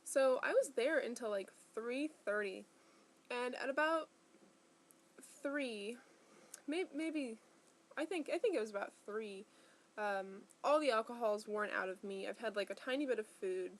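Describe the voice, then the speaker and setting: A woman's voice: a little high, expressive, a little slow. A young woman in casual vlog talk, chatty and rambling with lots of fillers, tired and in pain. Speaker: vlogger.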